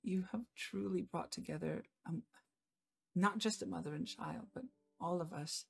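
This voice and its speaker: A woman voicing a kindly female innkeeper who speaks gently and earnestly and calls people "my dear". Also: lowish voice, normal speed, creaky, husky, pitched above the performer's own voice, full character voice. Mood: warm sincere.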